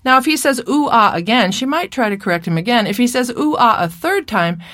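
A woman giving a recorded lecture presentation on speech therapy, speaking in a clear, measured teaching voice. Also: fairly high pitch, expressive, fairly bright tone, dry recording, clean studio sound. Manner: clear, measured teaching voice with playful child and mother impressions.

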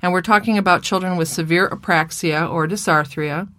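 A woman giving a recorded lecture presentation on speech therapy, speaking in a clear, measured teaching voice. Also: lowish voice, pushed and bright, no room sound, studio quality. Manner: clear, measured teaching voice with playful child and mother impressions.

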